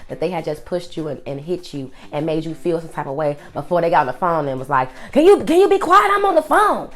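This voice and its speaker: A woman hosting an advice monologue, speaking emphatically with lots of repetition. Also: lowish voice. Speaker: host.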